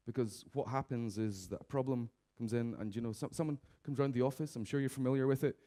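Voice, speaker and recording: A man giving a comic conference keynote, lively, slipping into raised voices to mimic office characters. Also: medium pitch, fast. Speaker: conference speaker. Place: conference stage.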